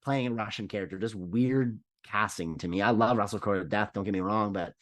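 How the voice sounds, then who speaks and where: A man's voice: on the low side, brisk, fairly bright tone, no room sound. A man co-hosting a movie news podcast, giving emphatic, opinionated takes in casual chat. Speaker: podcast co-host.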